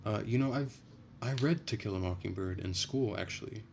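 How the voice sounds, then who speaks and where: A man's voice: on the low side, fairly quick, gravelly, a little mellow, a little hiss or hum. A young man hosting a casual livestream from home on his phone, chatty and profane, ranting and answering his viewers. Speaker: livestream host. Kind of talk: casual livestream chat reading comments.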